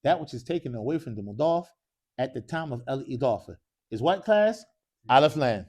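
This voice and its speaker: A man's voice: medium pitch, big pitch swings, moderate pace, a little mellow. A man teaching an Arabic grammar class in a mosque classroom, constantly quizzing his students with questions. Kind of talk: classroom lesson.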